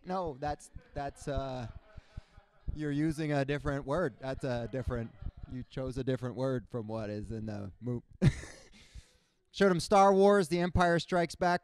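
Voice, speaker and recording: A young man from Cuba performing a stand-up comedy set on stage, with no accent and frequent jumps into high character voices. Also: normal speed, a little mellow, clear, resonant tone, no room sound. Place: comedy stage before a live audience.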